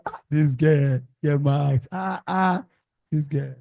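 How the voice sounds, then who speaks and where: A man's voice: fairly high pitch, takes it slowly, creaky, a little mellow, slightly rough, no echo. Nigerian man quizzing a class. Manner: call-and-response questioning, repeats words for the class. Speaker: teacher. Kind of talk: classroom exam-prep lesson.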